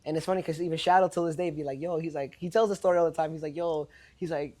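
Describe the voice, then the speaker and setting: A man's voice: fairly high pitch, steady tone, fast, dark tone. A young man from Brooklyn, a podcast guest telling stories in a laid-back, slangy way. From Brooklyn, New York. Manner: laid-back, slangy storytelling full of "like" and "you know". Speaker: podcast guest, party promoter. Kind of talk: casual interview chat.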